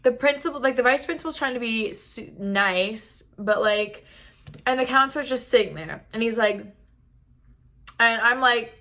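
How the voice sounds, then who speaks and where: A young woman with a very bright, sharp voice telling a casual storytime. She talks in a loose, chatty way, filling her sentences with "like." She is recorded on a camera mic indoors at home. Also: a little high, normal speed. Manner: chatty, heavy use of "like". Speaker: vlogger.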